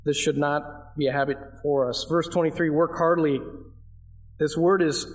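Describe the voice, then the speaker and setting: A man's voice: a little high, fairly even intonation, normal speed. Conversational man preaching a sermon. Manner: conversational, asks the congregation questions; emphatic, leans on key phrases. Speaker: pastor.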